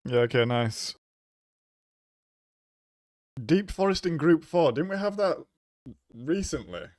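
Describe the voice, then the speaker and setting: A very tired man giving casual commentary while he livestreams a racing game, low-key, trailing off and groaning between remarks. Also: animated, normal speed, darkish tone, dry recording, clean studio sound. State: very tired, yawning. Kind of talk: casual live-stream commentary.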